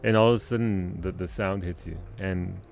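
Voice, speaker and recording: A man streaming a video game live, commenting on the action and replying to chat in an excitable way, swearing and laughing often. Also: sits low, normal speed, gravelly, faint music behind.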